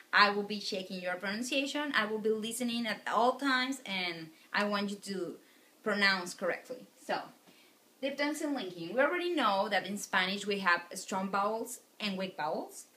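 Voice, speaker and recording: A woman teaching a recorded video lecture, speaking slowly and patiently and pronouncing words for students to repeat after her. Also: medium pitch, lively intonation, pushed and bright. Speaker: Spanish teacher. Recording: echoey room.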